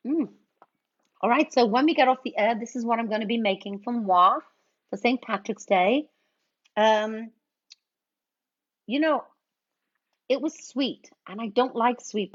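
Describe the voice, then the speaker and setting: A middle-aged woman casually chatting and greeting viewers while she mixes cocktails on a livestream. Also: a little high. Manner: chatty, playful, reads out viewer names. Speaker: livestream bartender host. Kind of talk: casual livestream chat while mixing drinks. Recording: dull lo-fi stream audio.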